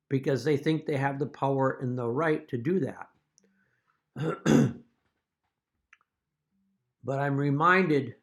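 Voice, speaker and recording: A man speaking as a father straight to his children in a video message, earnest and deliberate, now and then telling a wry joke. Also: fairly high pitch. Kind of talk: direct-to-camera video message.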